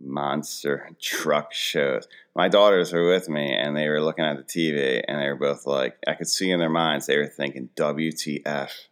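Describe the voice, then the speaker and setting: A man's voice: very deep voice, steady tone, moderate pace, hardly any pauses, fairly bright tone, clear, resonant tone. A man in his forties hosting a casual comedic monologue, rambling and poking fun at himself. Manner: rambling, self-deprecating storytelling.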